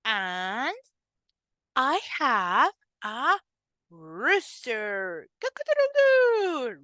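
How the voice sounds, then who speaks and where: A woman teaching a children's language lesson, speaking slowly and clearly, coaxing kids to repeat after her and making playful animal sounds. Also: fairly high pitch, sharp tone, dry recording.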